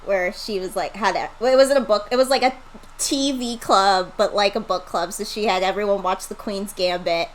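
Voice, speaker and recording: A woman co-hosting a casual chat show, giggly and animated as she gushes. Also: mid-range voice, normal speed, rough recording. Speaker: podcast co-host.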